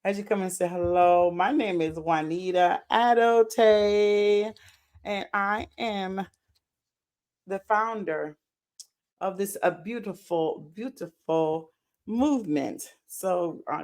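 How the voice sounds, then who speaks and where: A woman hosts a live stream in a chatty, excited way. She repeats her greetings over and over and talks to her viewers as "y'all". Her pitch sits in the middle for a woman. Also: slow. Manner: uses Southern US words like y'all. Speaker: livestream host and founder. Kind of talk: casual live-stream chat.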